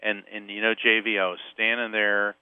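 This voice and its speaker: A man from Central Florida telling a personal story as a podcast guest, lively and acting out the voices in it. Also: lowish voice, normal speed, clean tone, no echo. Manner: animated storyteller, acts out quoted voices. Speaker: psychic medium and author, podcast guest. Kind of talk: storytelling interview. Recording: phone-line sound, dry.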